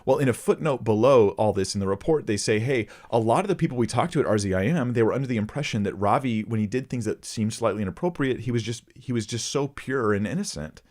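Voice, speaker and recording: A man's voice: mid-range voice, fast talker, hardly any pauses, a little mellow. A man hosting a ministry channel, reading a report aloud and stopping to comment earnestly to his viewers. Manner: earnest, addresses viewers directly. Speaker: host of a Christian ministry channel.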